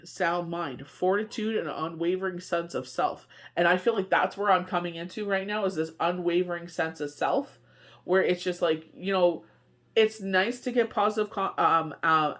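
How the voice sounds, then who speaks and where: A woman talks through a tarot spread in a loose, conversational way. She rambles from card to card and fills her speech with asides and fillers. Her comes through plainly. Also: lowish voice. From Canada. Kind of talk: casual spoken tarot reading.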